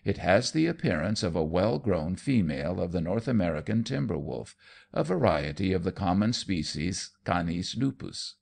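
A man's voice: sits low, big pitch swings, moderate pace, vocal fry, a little mellow, full character voice. A man voicing a pompous aristocratic lord who lectures loftily. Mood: lofty. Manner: lofty, lecturing.

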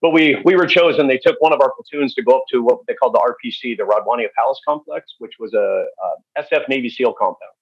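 A male podcast guest tells stories in a candid, halting way, full of fillers, at a mid pitch with a husky voice. The recording is dry and somewhat dull, with no echo, in a storytelling interview format.

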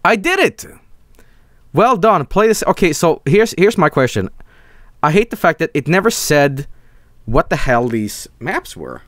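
Excitable Swedish man streaming a game. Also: on the high side, unhurried, no room sound, clean studio sound. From Sweden. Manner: excitable, profane, laughs often. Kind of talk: live gameplay commentary.

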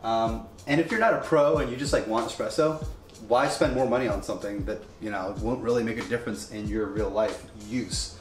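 A man's voice: fairly low pitch, fairly quick. A man casually demonstrating a home coffee setup, chatty and rambling with joking asides. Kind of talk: casual product demo. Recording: echoey room with faint music.

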